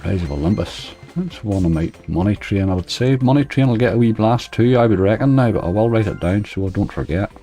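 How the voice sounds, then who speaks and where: Low, mellow-voiced man streaming. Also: brisk, hardly any pauses, faint music behind. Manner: chatty, reading out viewer chat. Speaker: slots livestreamer. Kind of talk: casual live-stream chat. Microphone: desk microphone.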